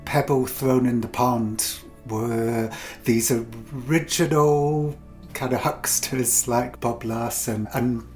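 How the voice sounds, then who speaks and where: A man's voice: medium pitch, steady tone, takes it slowly, a little mellow, soft background music. A man hosting a podcast, narrating and interviewing in a thoughtful, conversational way.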